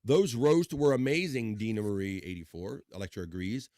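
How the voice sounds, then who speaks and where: A man's voice: lowish voice, moderate pace, darkish tone, no echo, clean studio sound. A man hosting a livestream, chatting casually, reading out chat and joking with rambling, profane asides. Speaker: livestream host.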